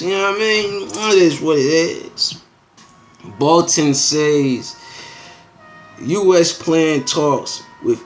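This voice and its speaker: Male host, unhurried, somewhat high voice; casual rambling news commentary, slangy asides. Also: animated, creaky, faint music behind. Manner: loose and slangy, with frequent asides and filler phrases.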